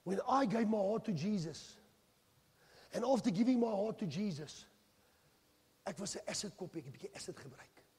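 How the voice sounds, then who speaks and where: A man with a South African accent preaching a sermon in a church. He swings between hushed phrases and shouting, with Afrikaans phrases mixed into his English. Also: high-pitched, animated, a little fast, pauses often. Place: large church hall. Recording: church hall with long reverb.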